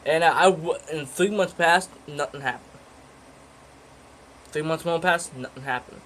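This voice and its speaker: A man's voice: fairly high pitch, measured pace, fairly bright tone, slight background noise, poor audio. Rambling, foul-mouthed teenage guy. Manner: rambling, profane, with many fillers and restarts. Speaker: vlogger. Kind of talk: casual storytelling.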